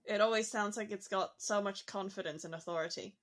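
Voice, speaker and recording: A woman chatting on a podcast in a mid-pitched, everyday voice. She thinks out loud, and her sentences are sprinkled with "like" and "you know." The tone stays conversational and unhurried. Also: steady tone. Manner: chatty, musing, frequent "like" fillers.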